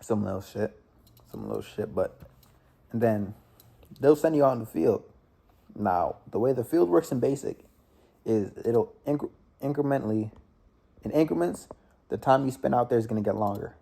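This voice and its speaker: A young man casually recounting his own experience in a vlog, rambling with restarts and sound effects like "boom". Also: lively intonation, moderate pace, vocal fry, long pauses, mellow. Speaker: vlogger. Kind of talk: casual storytelling.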